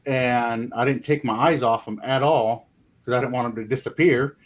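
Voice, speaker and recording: A man talking as a paranormal investigator guest in a casual interview, rambling and folksy, filling pauses with "you know". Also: mid-range voice, steady tone.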